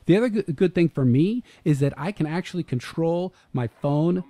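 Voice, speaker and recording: A middle-aged father hosting a casual gaming chat with his son, relaxed and teasing. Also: a little high, normal speed. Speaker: host.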